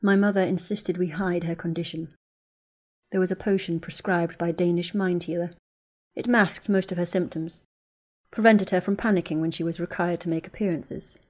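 A woman's voice: fairly low pitch, fairly even intonation, moderate pace, a little mellow, lightly acted. A woman voicing a cold, bitter young wizard. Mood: bitter, guarded.

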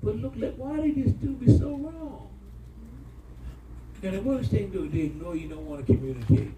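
A middle-aged man pastor, preaching an animated sermon with call-and-response to his congregation. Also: high voice, normal speed, far from the mic, background noise. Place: church hall. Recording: echoey church room, mic from afar, congregation.

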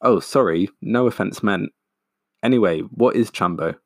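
A man's voice: on the low side, moderate pace, no echo, studio quality. A man voicing a nervous young man who talks in a casual, jokey way.

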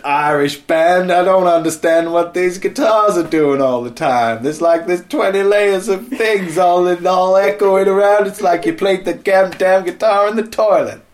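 A man's voice: high voice, a little slow, hardly any pauses, voice pushed up. A man voicing a brash cowboy, ranting in a mocking way. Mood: grumpy. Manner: mocking, grumbling rant.

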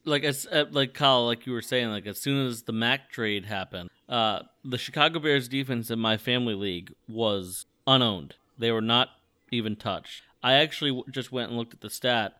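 A man co-hosting a casual sports chat, talking excitedly and restarting his sentences often. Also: mid-range voice, normal speed. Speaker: podcast co-host.

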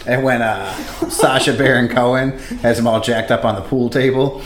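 A man chatting casually and profanely, getting animated when he retells scenes. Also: medium pitch, moderate pace, echoey room, a little hiss or hum. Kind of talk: casual chat.

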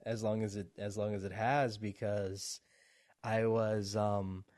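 A man's voice: fairly low pitch, flat delivery, slow, darkish tone, dry recording, clean studio sound. A man hosting a podcast in casual chat, rambling with fillers and frequent laughs. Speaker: podcast host.

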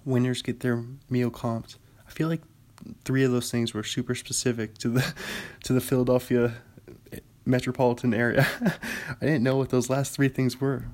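A young man from Washington state hosts a laid-back solo podcast. He rambles at a middling pitch, chatty and quick to laugh at his own asides. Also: little pitch movement, darkish tone. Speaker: podcast host. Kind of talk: casual solo chat.

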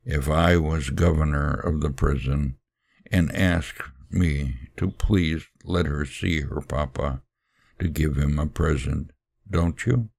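A man's voice: very deep voice, slow, creaky, darkish tone, exaggerated voice. A man voicing a poor, orphaned little girl who pleads earnestly through tears. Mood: pleading.

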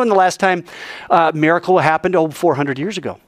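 A man's voice: on the high side, a little fast, no echo. A man giving a casual, playful sermon to young people, acting out scenes. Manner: animated, playful, acts out scenes.

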